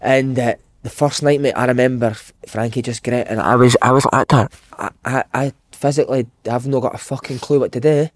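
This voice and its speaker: A man's voice: mid-range voice, fairly even intonation, fairly quick, hardly any pauses. A Scottish man in his thirties, a former footballer hosting a podcast, telling anecdotes in casual chat and swearing a lot. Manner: swearing, storytelling, says "mate" often.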